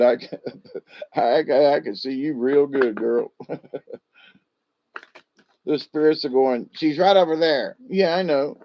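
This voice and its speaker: A man's voice: mid-range voice, slight background noise. A man giving casual spiritual animal card readings in a drawling, folksy way, chuckling often, with a dull lo-fi sound.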